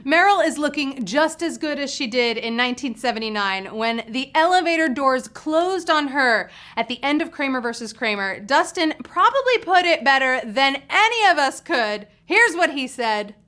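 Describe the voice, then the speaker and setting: High-voiced playful woman quiz host. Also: big pitch swings, normal speed, few pauses, pushed and bright. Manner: playful, teasing, chatty asides. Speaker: game show host. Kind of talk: live trivia game show hosting.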